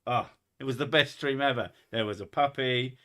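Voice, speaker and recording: A man's voice: medium pitch, normal speed, fairly bright tone. A man with an English accent, a mix of posh and Essex, joking and swearing in casual stream chat. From England.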